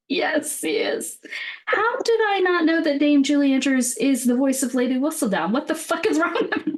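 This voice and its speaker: A woman's voice: high voice, expressive, fairly quick, few pauses. A woman co-hosting a podcast in casual chat, joking, swearing freely and laughing often. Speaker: podcast co-host.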